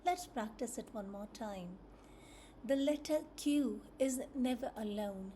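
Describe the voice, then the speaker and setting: A woman teaches phonics at a very slow, patient pace, drawing out each letter sound and saying it over and over. Her voice sits a little high but sounds mellow and soft rather than bright. A faint hum of room noise runs underneath. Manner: patient, repeats each sound several times, drawn-out sounds.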